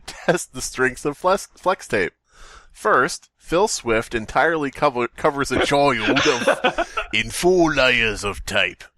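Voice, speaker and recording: A man's voice: mid-range voice, sharp tone, no echo. A man co-hosting a casual podcast, reading entries aloud with laughing asides. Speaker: podcast co-host.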